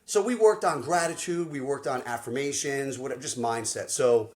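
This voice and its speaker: Man, life coach, podcast host, animated storytelling, slangy, mid-pitched voice. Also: normal speed. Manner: energetic, slangy, acts out quoted dialogue.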